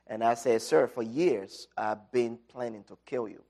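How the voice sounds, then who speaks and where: A middle-aged man giving an inspirational talk, telling a personal story with dramatic swings from loud to quiet. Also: medium pitch, measured pace, gravelly. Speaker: speaker.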